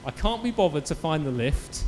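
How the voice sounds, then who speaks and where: A man preaching a sermon in church, telling a story with lively acted-out quotes. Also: fairly high pitch, moderate pace, in a large hall, slight background noise. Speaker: pastor.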